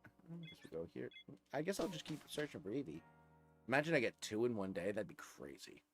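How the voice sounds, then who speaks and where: Brief: young male streamer, mid-pitched, casual rambling chat, soft coos, faint game music behind. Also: big pitch swings, a little fast. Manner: soft cooing to his dog, rambling with many fillers.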